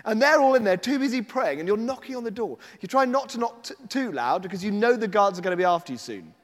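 A male preacher with a high, bright voice that leaps up and down as he animates the story. He tells it vividly, with a long reverb from a big hall behind his words. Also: expressive, fast talker. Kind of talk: sermon.

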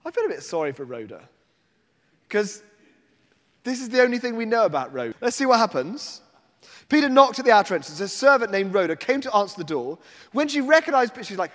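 A male preacher with a high, bright voice that leaps up and down as he animates the story. He tells it vividly, with a long reverb from a big hall behind his words. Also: big pitch swings, brisk. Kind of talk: sermon.

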